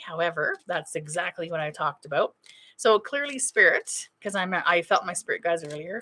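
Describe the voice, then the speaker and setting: A woman's voice: lowish voice, bright, forceful tone. A middle-aged woman, a spiritual medium, talking casually to her online audience and stressing her points by repeating phrases. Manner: emphatic, repeats key phrases for effect.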